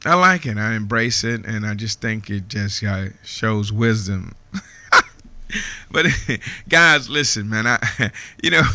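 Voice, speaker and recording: A man's voice: on the low side, creaky, bright, forceful tone, dry recording. A man in his fifties hosting a radio show, chatting casually with listeners, laughing often and filling his talk with "man" and "you know.". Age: 50s. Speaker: radio host. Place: radio studio.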